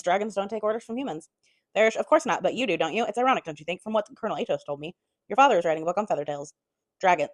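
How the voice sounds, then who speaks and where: A woman's voice: medium pitch, no room sound. A woman giving a casual chapter-by-chapter book recap, chatty, throwing in blunt swearing asides and half-acting the characters' lines.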